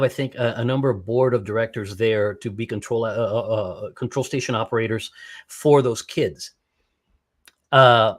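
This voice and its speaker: A man being interviewed as a guest, talking in a casual, enthusiastic and rambling way, often breaking off and asking "right?". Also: mid-range voice. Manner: enthusiastic, rambling, with many restarts and "right?" tags. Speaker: podcast guest, skydiver and ham radio operator.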